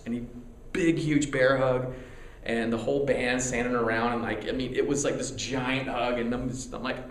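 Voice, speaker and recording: A man speaking in an interview, candid and excitable, stumbling over his words and restarting sentences as he swears freely. His voice sits in the middle range and is heard in a roomy space with a faint hum of ambient noise behind it. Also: medium pitch, brisk. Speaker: musician interviewee.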